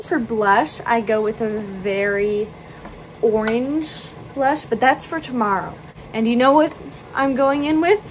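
A woman hosting her own makeup video, chatty and playful as she talks through each step. Her voice sits a little high, and faint background noise runs under it. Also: a little slow, poor audio. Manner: bubbly and playful, chatty asides. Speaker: makeup vlogger.

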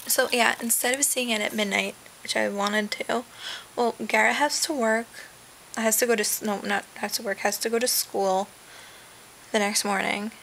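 A woman's voice: a little high, fairly even intonation, moderate pace, vocal fry, a bit bright, a little hiss or hum, poor audio. A young woman vlogging casually from her bed, rambling with lots of fillers and trailing asides. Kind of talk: casual webcam vlog. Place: sitting in bed at home. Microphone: webcam.

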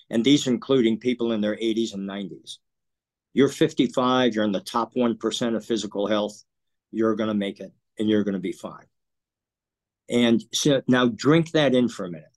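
Low-voiced man in his sixties, earnest. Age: 60s. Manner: earnest, emotional, halting with restarts. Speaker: interview guest. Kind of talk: personal storytelling in an interview.

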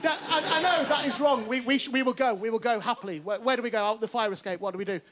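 Speaking quickly in an extremely high register, this comedian acts out the people in his stand-up story for a live studio audience. Crowd sounds sit in the background, with loud laughter filling the TV studio.

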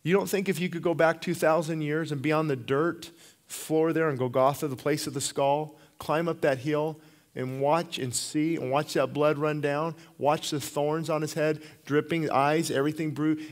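A middle-aged man preaches with fervent, pressing conviction, his voice sitting a little high for a man. He often doubles back, repeating words and restarting phrases as he drives his point home. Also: steady tone, normal speed. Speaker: pastor. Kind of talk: sermon.

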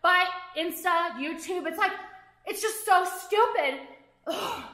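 A woman's voice: very high-pitched, unhurried, sharp tone. A woman designer vlogging an angry, profane rant full of filler words, in an echoey room. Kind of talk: ranting vlog monologue.

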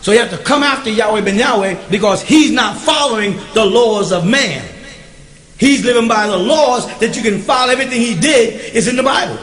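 A man's voice: very high voice, lively intonation, fairly quick, a bit bright, reverberant. A man teaching a recorded question-and-answer class, speaking emphatically and often checking that his listeners follow him.

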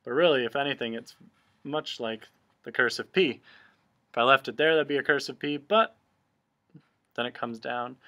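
A man's voice: medium pitch, moderate pace, long pauses, bright, forceful tone. A man teaching a remote cursive handwriting lesson, explaining each stroke patiently, step by step.

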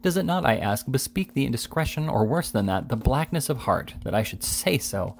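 A man voicing an indignant, excitable elderly gentleman who declaims in outrage. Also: medium pitch, a little fast, gravelly.

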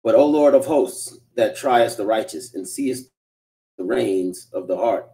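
Guy reading bible verses, brisk and steady, kinda far off the mic, dark tone. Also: on the low side. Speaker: scripture reader. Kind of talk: reading scripture aloud. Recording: distant from the mic.

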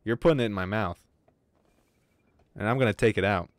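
A man's voice: fairly low pitch, fairly quick, no room sound. A man streaming a game live, chatting casually with viewers in a rambling, joking way and swearing freely, with some wheezy breathing. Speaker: gaming streamer. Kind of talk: casual livestream chat.

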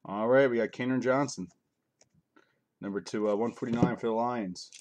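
During a live card break, a middle-aged man reads out cards and trades casual jokes with viewers. He speaks at medium pitch and a moderate pace, with a darkish tone, keeping things offhand.

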